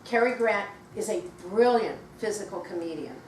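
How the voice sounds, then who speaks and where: An older woman tells stories to a bookshop audience, animated and quick to slip into other people's voices. She is picked up from a distance in a roomy space with a faint hiss underneath. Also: mid-range voice. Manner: animated, acts out quoted voices, laughs while telling. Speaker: guest author at a book talk. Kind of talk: anecdotal storytelling to a live audience. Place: bookshop event room.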